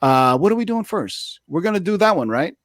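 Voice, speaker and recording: A man co-hosting a casual comics chat show, telling stories in a loose, animated way and acting out the people in them. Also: high-pitched, fairly quick, no room sound, clean studio sound. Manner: animated storytelling, loud swearing, acts out other voices. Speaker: podcast co-host.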